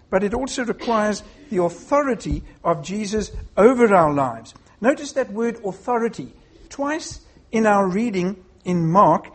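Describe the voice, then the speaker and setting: A preacher giving a sermon to a congregation in a measured way, posing rhetorical questions. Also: medium pitch, a little mellow, slightly rough.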